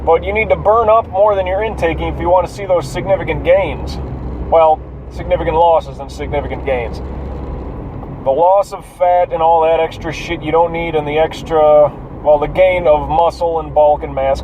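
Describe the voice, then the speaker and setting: A man with a fairly high voice talks to himself from behind the wheel, rambling and swearing at traffic. He sounds tired and drifts from topic to topic. The recording is dull and lo-fi, with faint road noise underneath. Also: steady tone, normal speed. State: yawning and tired. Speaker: vlogger. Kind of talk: casual driving monologue. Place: inside a car while driving.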